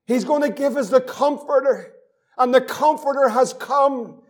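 A man's voice: extremely high pitch, a little slow. A man preaching a fervent sermon as pastor, repeating phrases and reading scripture aloud.

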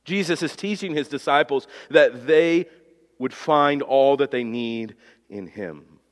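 A man's voice: medium pitch, a little slow, big-room sound. A male pastor preaching an emphatic sermon, asking rhetorical questions and often repeating his words as he restarts.

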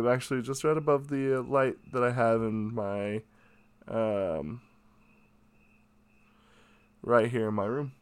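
A man's voice: lowish voice, clear, resonant tone, no room sound. A man telling a casual, self-mocking anecdote from his room at home, chatty and full of fillers. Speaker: storyteller.

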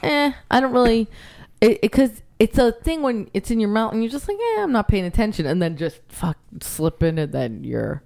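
Woman telling a story on a podcast, animated, does all the voices, laughs a lot. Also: a little high, moderate pace, creaky. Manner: animated, acts out quotes, laughs often. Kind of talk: casual storytelling chat.

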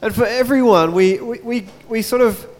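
Speaking at a normal pace in a very high-pitched voice, this male pastor reads scripture and preaches, pausing between verses for casual talk with his flock. The recording carries long hall reverb.

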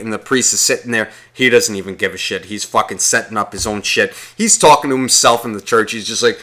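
A man's voice: fairly low pitch, quick pace, hardly any pauses, sharp tone. A man telling a long, rambling, profanity-laced story in casual chat, acting out the people in it. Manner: acts out quotes of people in the story.

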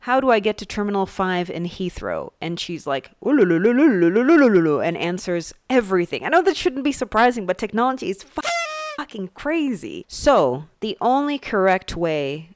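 A woman's voice: mid-range voice, big pitch swings, normal speed. A woman hosting a podcast in a casual, chatty way, with swearing and laughing asides. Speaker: podcast host. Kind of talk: casual chat.

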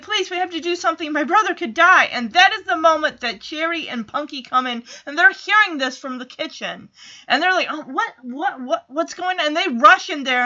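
Bright high-voiced woman recapping casually. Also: muffled recording. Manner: chatty, animated retelling with quoted dialogue. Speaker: show recapper.

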